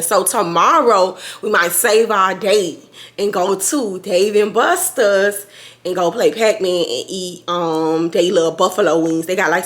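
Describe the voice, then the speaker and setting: A woman, chatting casually to camera as a vlogger in a rambling way full of slang, her voice a little hoarse. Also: medium pitch. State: slightly hoarse after being sick.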